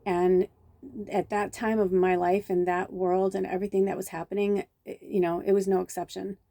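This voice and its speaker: Middle-aged woman, spiritual medium, rambling vlog story, mellow voice, dry close sound, swears a bit. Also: mid-range voice, moderate pace, dry recording. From Chicago, USA. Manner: rambling and digressive, with casual swearing; acts out quoted dialogue with lively reactions.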